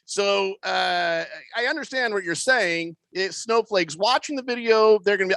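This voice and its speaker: A man's voice: high voice, moderate pace, hardly any pauses, fairly bright tone, dry recording. A middle-aged man hosting a sports talk radio show, chatting wryly and reading out listener texts with lots of fillers. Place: radio studio. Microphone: studio microphone.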